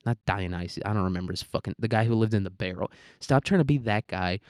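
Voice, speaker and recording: A man's voice: lowish voice, fast, darkish tone, no room sound, clean studio sound. Profane, ranting young American man. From United States. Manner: profane, ranting, rambling with frequent fillers. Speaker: podcast host. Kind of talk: solo podcast rant.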